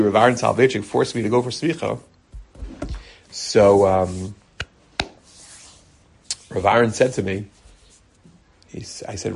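A man in his forties, a rabbi giving a lively Torah talk, animated and mixing in Hebrew terms. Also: on the low side, vocal fry, husky. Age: 40s. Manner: animated, acts out quotes, mixes in Hebrew terms.

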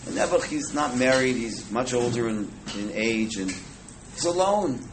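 A man's voice: mid-range voice, animated, moderate pace, noisy background. A man teaching an informal Torah class to a live audience, chatty and joking, dropping Hebrew and Yiddish words. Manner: conversational, jokes with the audience, Hebrew and Yiddish terms.

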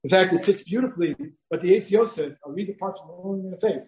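Chatty middle-aged rabbi giving a lesson. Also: male voice, sits high, quick pace, a little mellow, slight background noise, poor audio. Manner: conversational, asks "right?" often, tells personal stories; mixes in Hebrew and Yiddish terms. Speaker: rabbi teaching a class. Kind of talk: Torah lecture to students.

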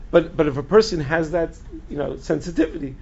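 A man's voice: on the high side, lively intonation, a little fast, gravelly, slightly rough, highs cut off. A man teaching as a rabbi in a lecture. He quizzes the audience with questions and answers them himself, often restarting and repeating words. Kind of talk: Torah lecture to a group.

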